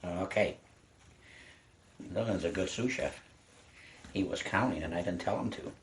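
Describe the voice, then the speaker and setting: A man's voice: low voice, measured pace, slight background noise. An older man giving a casual home cooking lesson to a child, patient and encouraging, explaining each step. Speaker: home cook teaching a grandchild. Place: home kitchen.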